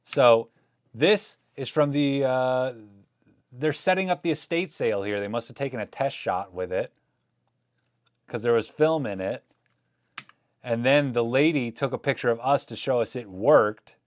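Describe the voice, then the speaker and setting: A man's voice: mid-range voice, measured pace, no room sound. A man chatting casually and joking as he looks through his film scans live, recorded close and dry. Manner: chatty, joking, thinking aloud. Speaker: photography vlogger. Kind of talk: casual live commentary while scanning film.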